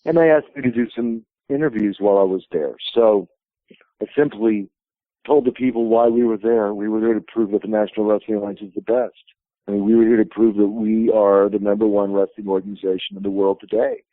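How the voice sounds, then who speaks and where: A man in his fifties, president of a wrestling promotion, rambles through anecdotes as a guest on a phone interview. His voice is lowish and steady, and he talks briskly. The audio is dry and comes through a tinny telephone line.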